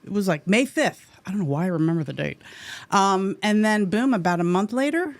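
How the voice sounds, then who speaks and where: A woman's voice: mid-range voice, animated, a little fast, no room sound. Emotional woman actor telling a story. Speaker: actor guest. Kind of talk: casual interview storytelling.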